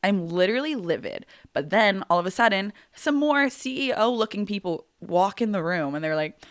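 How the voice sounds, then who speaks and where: A woman's voice: medium pitch, lively intonation, normal speed, few pauses, dry recording, studio quality. A woman in her twenties hosting a podcast, telling a personal story in a chatty way and peppering her talk with "like". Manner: chatty, heavy use of "like", acts out quoted voices. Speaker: podcast host. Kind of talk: casual storytelling.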